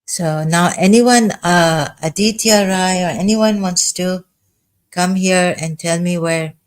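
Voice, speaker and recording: Slow, halting man reading scripture aloud. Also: high-pitched, clear, resonant tone, low-quality recording. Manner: sarcastic, halting, with many fillers. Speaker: livestream host.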